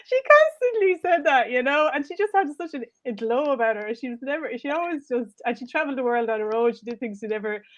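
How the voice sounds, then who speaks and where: A woman with a fairly high voice chats casually as a co-host, quick to affirm and laugh along. She tells her stories in an easy, conversational way. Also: lively intonation. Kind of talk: conversational podcast chat.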